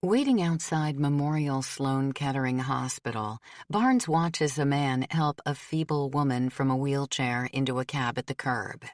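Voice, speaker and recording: Woman narrator, audiobook, low pitch, measured reading, dry sound. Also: darkish tone, dry recording. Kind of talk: scripted narration.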